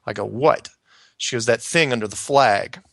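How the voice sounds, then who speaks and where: Middle-aged male storyteller, gravelly, chatty and animated, plays every character in his tale; dry close mic. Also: mid-range voice, moderate pace, dry recording. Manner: animated, acts out quoted voices, laughs often. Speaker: storyteller guest recounting his past. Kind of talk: casual conversational storytelling.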